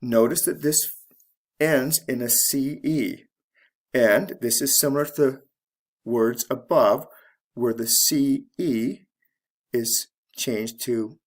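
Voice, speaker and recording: A man teaching English pronunciation, explaining word stress slowly and deliberately and spelling out letters one by one. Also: medium pitch. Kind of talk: slow instructional explanation.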